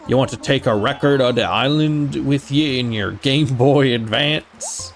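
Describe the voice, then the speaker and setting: A man voicing a gruff male sea-captain turtle boatman in pirate talk, reading game dialogue aloud. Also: mid-range voice, measured pace, faint music behind, voice pushed up, close to an everyday voice. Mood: teasing. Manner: pirate talk, jolly and teasing.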